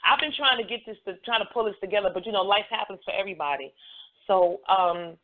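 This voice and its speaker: A woman's voice: mid-range voice, quick pace. Woman hosting a call-in show over a phone line. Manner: loose, repeats phrases, frequent "you know what I'm saying". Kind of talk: casual call-in chat.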